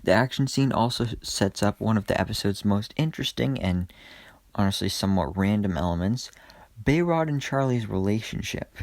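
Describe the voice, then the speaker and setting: A man's voice: lowish voice, darkish tone, no echo. A man giving a chatty, enthusiastic recap and review of a TV episode, with frequent ums and restarts.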